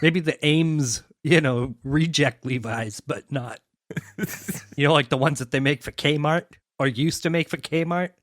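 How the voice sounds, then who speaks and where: Slightly high-voiced podcast guy, dry sound. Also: a little slow, no room sound. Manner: conversational, jokey asides. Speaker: podcast co-host. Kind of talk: casual chat recapping a sitcom.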